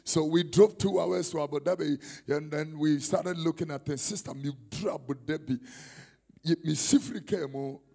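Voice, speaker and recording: A man with a Ghanaian accent preaching a conference sermon, mixing Twi and English and bursting into shouts. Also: on the high side, moderate pace, vocal fry. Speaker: prophet. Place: conference hall.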